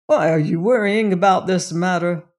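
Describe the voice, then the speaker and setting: Narrator doing a grim, snappish gentleman. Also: sits high, moderate pace, lightly acted. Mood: curt. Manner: curt, snappish. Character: stern, grim older gentleman, impatient. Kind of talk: audiobook reading of a mystery novel.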